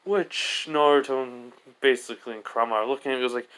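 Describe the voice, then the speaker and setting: Man, rambling fan story narration, filler-heavy, medium pitch. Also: fast talker, few pauses, a bit bright. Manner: rambling, many "basically" and "he goes".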